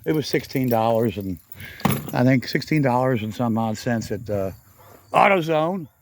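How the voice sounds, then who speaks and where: A man's voice: mid-range voice, animated, moderate pace, no echo. A middle-aged man chatting casually in a garage vlog outdoors, rambling and correcting himself with frequent chuckles. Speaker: garage channel vlogger.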